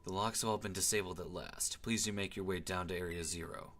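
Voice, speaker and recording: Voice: sits low, steady tone, brisk, fairly bright tone, voice pushed down. A streamer voicing an eerie robot professor with a stilted, repetitive, machine-like delivery during a game playthrough. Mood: formal. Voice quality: stilted, repeats itself like a broken machine. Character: eerie glitching robot professor, polite and flat. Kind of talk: voiced dialogue in a game playthrough.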